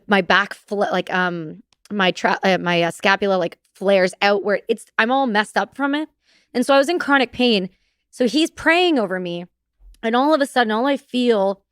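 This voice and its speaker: Lively, smooth-voiced woman telling stories. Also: medium pitch, no room sound, clean studio sound. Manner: animated, laughing, swears freely. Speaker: podcast guest. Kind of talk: casual storytelling.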